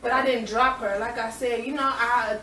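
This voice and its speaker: A woman cast member at a reunion, talking loud and brash and swearing freely. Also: a little high, steady tone, moderate pace. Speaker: reality show cast member. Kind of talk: heated reunion talk. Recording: echoey room, far off, noisy.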